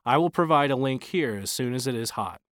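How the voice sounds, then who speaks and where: A man's voice: mid-range voice, lively intonation, a little fast, a bit bright, no room sound, clean studio sound. A man reading his own opinion piece aloud, in a formal, pointed and wry manner. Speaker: author reading his own blog post. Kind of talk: read-aloud opinion commentary.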